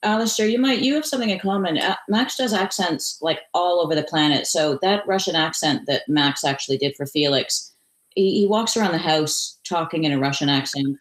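A woman's voice: sits low, a little fast, reverberant, low-quality recording. A woman chatting casually on a podcast, proudly describing her husband's knack for accents. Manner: warmly boastful about her husband. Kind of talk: casual chat.

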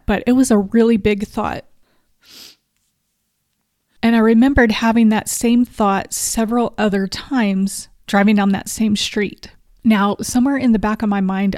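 A woman's voice: medium pitch, a little mellow, dry recording, studio quality. A woman hosting a podcast, telling a personal story in a heartfelt, confessional way, at times openly emotional. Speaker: podcast host.

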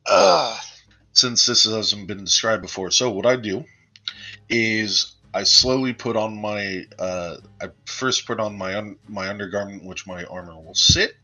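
Low bright-toned player on a dull mic. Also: male voice, unhurried. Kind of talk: tabletop role-play chat.

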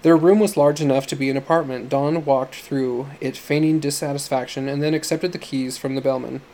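A man narrating an audiobook story in a measured storytelling manner. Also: mid-range voice, fairly even intonation, mellow.

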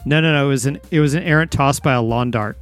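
A man hosting a casual comedy podcast, with a teasing, deadpan delivery. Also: mid-range voice, fast talker, faint music behind. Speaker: podcast host.

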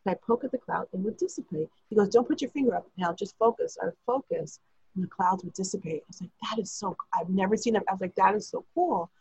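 A woman recounts a long personal story in a rambling, breathless way, slipping into the voices of the people she quotes. Her voice is husky, and the recording is dry and a little dull, with no room sound. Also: mid-range voice, fast, a little mellow, dry recording. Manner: chatty, breathless retelling with quoted dialogue. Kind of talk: casual storytelling.

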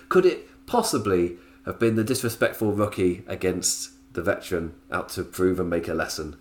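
A man's voice: low-pitched, moderate pace, a little mellow. A man hosting a casual solo podcast review, chatty, laughing often and drifting into tangents. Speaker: podcast host reviewing wrestling.

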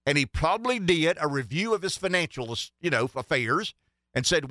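A man's voice: fairly high pitch, very animated, moderate pace, pushed and bright, no room sound, studio quality. A man giving emphatic political commentary on a talk show, stacking rhetorical questions and repeating himself for emphasis.

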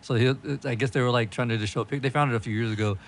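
A man's voice: mid-range voice, steady tone, very fast. A man telling loose, profane stories in a casual podcast chat with friends. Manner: laughing, profane storytelling.

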